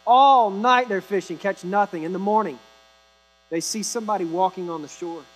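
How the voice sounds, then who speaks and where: A man, a pastor, preaching a sermon in a conversational way with wry asides, sometimes dropping to a hushed voice. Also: high voice, normal speed, rough recording.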